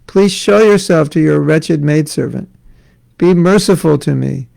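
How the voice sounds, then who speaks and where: Brief: pleading, apologetic young woman from a scripture story, voiced by a male reader, gravelly and soft. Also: on the high side, unhurried. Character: young woman Radha pleading with her beloved.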